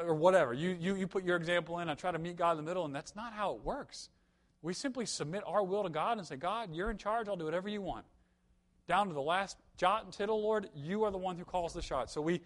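Young male preacher, slightly higher voice, chatty storytelling sermon with humor and emphatic peaks. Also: fast. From United States.

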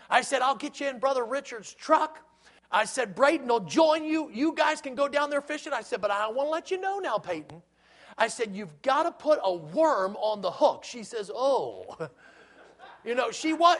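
A man's voice: extremely high pitch, fairly bright tone. A man preaching a sermon as a pastor, earnest, with rhetorical questions and repetition.

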